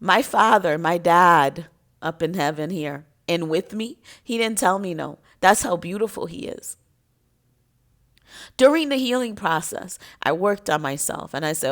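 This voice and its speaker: A woman's voice: on the low side, animated, unhurried, a bit bright. A woman giving an impassioned, emotional spiritual monologue to her viewers in a preachy, emphatic way. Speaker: spiritual content creator.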